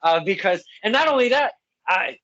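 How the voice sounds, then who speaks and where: A man's voice: sits high, lively intonation, normal speed, bright, forceful tone. Stammering man telling wrestling stories. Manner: rambling, stammers and restarts, laughs while telling stories. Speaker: podcast host and local wrestling ring announcer. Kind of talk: casual interview chat. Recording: slightly dull lo-fi sound.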